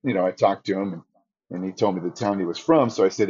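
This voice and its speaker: A man's voice: fairly low pitch, expressive, fairly quick, a little mellow, slightly rough, highs cut off. A man, a ring announcer, telling stories in a casual interview and acting out his own quotes with a raised voice.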